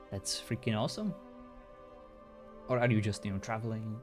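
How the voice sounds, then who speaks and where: A European man chatting casually with viewers as a streamer, laughing often and joking around. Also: on the low side.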